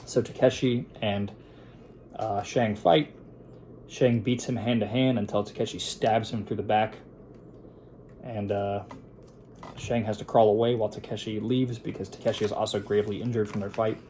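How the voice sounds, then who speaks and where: A man's voice: fairly low pitch, level tone, moderate pace, warm tone, a little hiss or hum. A young man at his editing table giving a casual film review and plot recap, rambling with lots of "um"s and acting out quotes. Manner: rambling, with frequent fillers and restarts into quoted voices.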